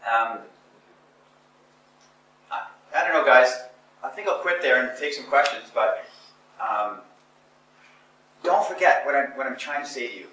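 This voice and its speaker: A man's voice: mid-range voice, lively intonation, unhurried, long pauses, sharp tone, slight background noise. A man giving a motivational seminar talk to an audience, emphatic and repetitive, with stammering restarts. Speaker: speaker addressing a seminar audience. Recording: echoey room from far off.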